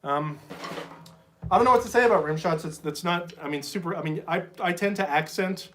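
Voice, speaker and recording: A man's voice: sits high, fairly quick, fairly bright tone, slight background noise. A man, a drum teacher, chatting casually on a live phone stream from a small cluttered drum shed, rambling and reading comments aloud. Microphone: phone mic.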